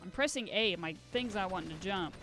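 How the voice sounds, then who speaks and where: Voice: mid-range voice, lively intonation, brisk, a bit bright. A live streamer in casual gaming stream chat, rambling and self-deprecating with giggly asides.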